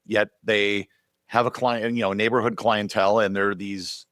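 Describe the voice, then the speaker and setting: Man hosting a podcast, relaxed. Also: on the low side, moderate pace, no room sound, clean studio sound. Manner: relaxed and conversational, with some hesitations. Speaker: podcast host. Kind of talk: casual interview chat.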